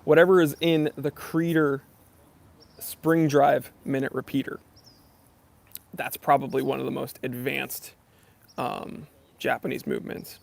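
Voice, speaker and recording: A man hosting a casual live-stream Q&A, reading viewer comments and joking around in an animated way. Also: medium pitch, measured pace, gravelly, pauses often. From Los Angeles area. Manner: joking, animated, self-deprecating banter. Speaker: YouTube channel host doing a live stream Q&A.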